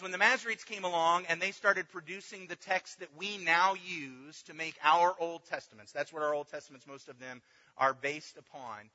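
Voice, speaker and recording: A man's voice: on the high side, bright, forceful tone, big-room sound, muffled recording. A man giving a Bible class lecture, explaining step by step and checking in with the listeners. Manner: explanatory, checks in with "okay" and "right". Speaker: Bible teacher.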